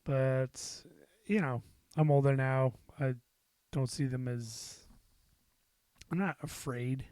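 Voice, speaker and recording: A middle-aged man talks through a casual solo podcast at an unhurried, drawn-out pace. He rambles and pokes fun at himself, dropping in plenty of "uh"s and a few swear words. His voice sits close and dry, with hardly any room around it. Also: medium pitch, fairly even intonation, mellow, dry recording. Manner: rambling and self-deprecating, with frequent fillers and swearing. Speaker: podcast host.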